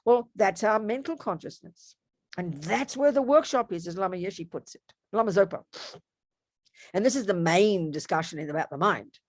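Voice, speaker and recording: A woman's voice: medium pitch, expressive, moderate pace, dry recording. A woman giving a casual Buddhist teaching, chatty and playful, with joking asides and frequent self-corrections. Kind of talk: casual dharma teaching talk. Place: home room.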